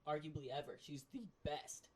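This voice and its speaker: A man co-hosting a casual podcast, talking in an excitable, animated way as a sports fan. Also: fairly high pitch, normal speed, breathy edge. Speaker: podcast co-host. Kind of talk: casual chat.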